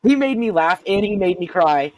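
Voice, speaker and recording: A man co-hosting a podcast in casual chat, expressive and prone to laughing as he retells moments. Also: high voice, normal speed, no room sound. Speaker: podcast co-host.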